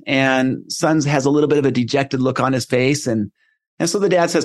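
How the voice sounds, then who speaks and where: A man's voice: mid-range voice, normal speed. A middle-aged man hosting a motivational podcast, telling stories in an earnest, conversational way. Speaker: podcast host.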